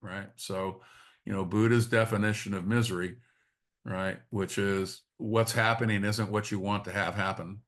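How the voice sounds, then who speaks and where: Low-voiced man leading a reflective teaching talk. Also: fairly even intonation, a bit bright. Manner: halting, repeats words, frequent tag questions. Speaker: spiritual study group leader.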